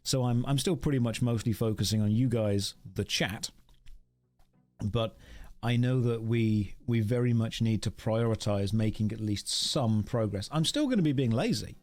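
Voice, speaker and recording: A man's voice: fairly low pitch, normal speed, darkish tone, soft background music. A man from the UK chatting casually on a live stream while he plays, rambling, wry and self-mocking as he thanks viewers. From United Kingdom.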